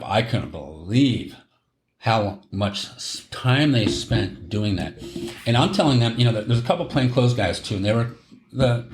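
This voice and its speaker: A middle-aged man, telling a long story on a podcast, rambling and correcting himself and laughing at his own tale. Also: mid-range voice. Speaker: podcast host. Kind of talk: casual storytelling chat. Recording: roomy echo.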